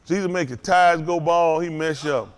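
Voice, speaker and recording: This preacher's voice is on the high side, clear and resonant, moving at a normal speed. His sermon is loose and chatty, full of chuckles and appeals to the congregation like "ain't that right?"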